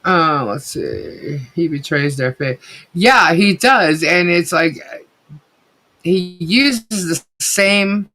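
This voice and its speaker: A woman's voice: fairly high pitch, fairly bright tone. Woman co-host for a casual live chat stream; blunt, rambling delivery with plenty of swearing. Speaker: co-host of a livestream. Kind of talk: casual livestream commentary.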